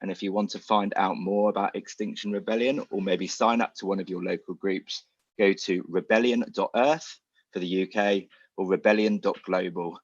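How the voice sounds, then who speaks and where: A man reads a show's outro in an upbeat announcer manner. His voice sits on the low side. The sound is dry and dull, like a lo-fi recording. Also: steady tone, moderate pace, no room sound. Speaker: show producer, outro presenter. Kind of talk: scripted sign-off.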